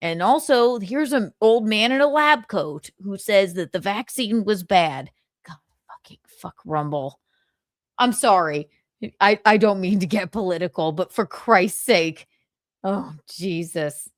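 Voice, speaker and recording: A woman's voice: mid-range voice, unhurried, dry recording. Chatty woman streamer, dry close mic. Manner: candid, swears freely, laughs often. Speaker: livestream host. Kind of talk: casual livestream chat.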